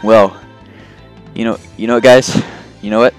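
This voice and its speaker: Faint game music accompanies a man with a lowish, steady voice speaking at a normal pace. He is a let's play host rambling about his gameplay in a jokey, self-deprecating way, filling his talk with fillers.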